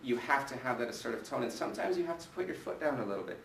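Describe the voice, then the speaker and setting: A man running a live sales training, energetic and coaching, putting questions to the people in front of him. His voice comes from some way off the mic, in an echoey room with a faint hum of ambience behind it. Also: medium pitch, very fast, gravelly, distant mic.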